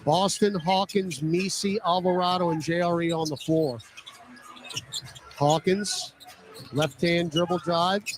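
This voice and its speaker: High-voiced man calling basketball play-by-play. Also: fairly even intonation. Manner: rapid clipped calls of each play. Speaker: play-by-play radio announcer. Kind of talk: radio play-by-play commentary. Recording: noisy radio broadcast with arena ambience.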